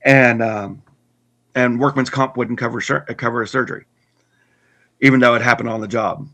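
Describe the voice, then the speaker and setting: A man earnestly telling his personal story in conversation, halting with restarts and repeats. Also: mid-range voice, steady tone, sharp tone. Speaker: guest telling his testimony.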